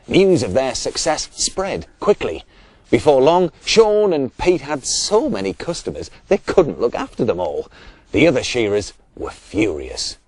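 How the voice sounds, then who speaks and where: A man reading a children's bedtime story aloud as the show's host, with expressive voices. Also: medium pitch, unhurried, no room sound. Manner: lively, expressive voices for each character.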